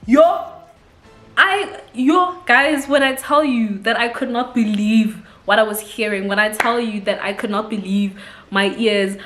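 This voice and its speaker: A woman from South Africa with a South African accent, telling a story in a casual, animated vlog and laughing often. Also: a little high, a little slow, echoey room, faint music behind. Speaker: vlogger.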